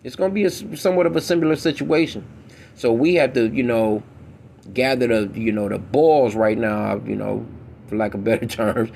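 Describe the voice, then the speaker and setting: A man with a gravelly, mid-pitched voice reads old scripture slowly and deliberately. Between the verses he breaks into blunt, profane, emphatic street talk, preaching at his listeners. A faint hiss sits under his voice. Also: a little mellow. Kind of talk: reading scripture aloud and commenting.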